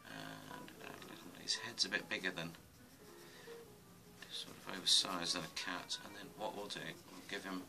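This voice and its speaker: A man's voice: low-pitched, big pitch swings, normal speed, vocal fry, rough recording. A man giving a casual drawing tutorial, muttering and rambling to himself as he sketches. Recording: music playing underneath. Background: music.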